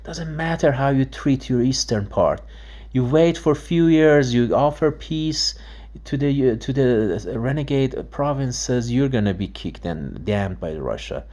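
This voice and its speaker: An emphatic man talking straight to camera in a personal monologue. His pitch is medium and swings widely, and he often stumbles and restarts. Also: expressive, unhurried, darkish tone. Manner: emphatic, acts out dialogues, frequent restarts. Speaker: father and video blogger. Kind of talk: emotional monologue commentary.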